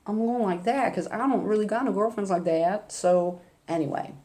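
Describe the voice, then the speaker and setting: A woman's voice: mid-range voice, moderate pace, mellow. An older woman vlogging, telling a rambling, chatty story in a casual way. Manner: rambling, chatty, with laughs and asides.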